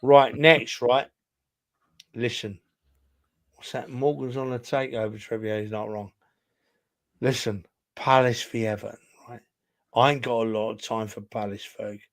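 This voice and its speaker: A man's voice: mid-range voice, steady tone, a little slow, pauses often. A man co-hosting a casual football chat, rambling and emphatic, a little tipsy from drinking. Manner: rambling, emphatic, keeps calling the other host son. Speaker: podcast co-host.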